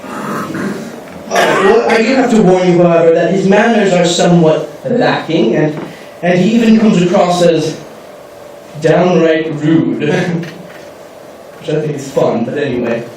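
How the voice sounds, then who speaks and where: A man's voice: sits high, a little slow, darkish tone. A man performing a live stage comedy show, chatting in a playful, teasing way. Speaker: character performer. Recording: echoey hall from far off, faint noise.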